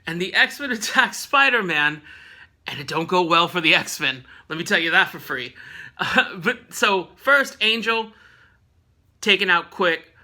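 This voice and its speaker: A bright, high-pitched man talks through a comic book issue in a loose, casual way. He is animated and jokey, laughs often, and keeps tossing in playful asides. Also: unhurried. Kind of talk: casual recap with playful character voices.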